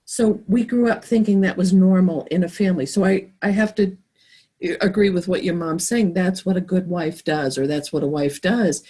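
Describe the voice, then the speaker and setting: Podcast guest, husky voice, earnest, reflective, personal. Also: medium pitch, normal speed, dark tone. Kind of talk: casual conversation.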